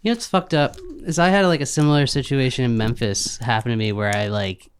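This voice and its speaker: A man co-hosting a podcast, joking and chiming in with quick reactions. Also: medium pitch, fairly even intonation, smooth. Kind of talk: casual chat.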